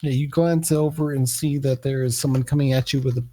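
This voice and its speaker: A man narrating as game master of a tabletop game, pausing often with fillers. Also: mid-range voice, steady tone, dark tone. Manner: hesitant, many fillers.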